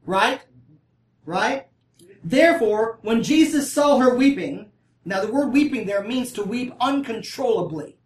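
A Bible study leader reads scripture aloud and then breaks off to explain it in a casual, talkative way, often checking in with the group and asking them questions. His mid-range voice is expressive and a little slow. The mic is set back in an echoey room, giving a roomy, distant sound.

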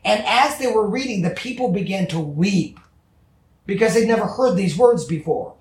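Pastor, conversational sermon, emphatic, mid-pitched voice, roomy echo, distant mic. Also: a little mellow. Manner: earnest, emphatic, chats back with congregation. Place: church. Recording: echoey church from far off.

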